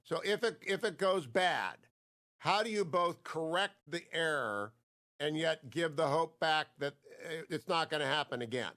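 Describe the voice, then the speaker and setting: A man's voice: fairly high pitch, moderate pace, pushed and bright. A man hosting a talk show interview, chatty and jokey, praising his guest before asking questions.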